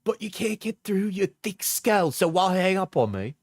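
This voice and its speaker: Man putting on a shrill, petty young woman with a fake Cockney twang; falsetto, very sing-song, dry close sound. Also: very animated, no room sound, heavily acted. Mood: scornful. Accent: mock British, Cockney attempt. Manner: mocking falsetto, drawn-out whiny delivery. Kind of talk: mocking read-aloud of messages.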